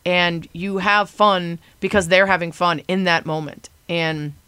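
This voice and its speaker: A woman's voice: on the low side, steady tone, measured pace, bright, forceful tone, smooth, no echo. Earnest woman, dry close sound. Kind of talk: tribute speech.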